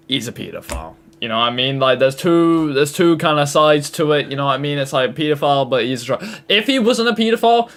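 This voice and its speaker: A man's voice: a little high, fairly bright tone. A man reacting to fan-made clips in casual commentary, joking, exasperated and crude.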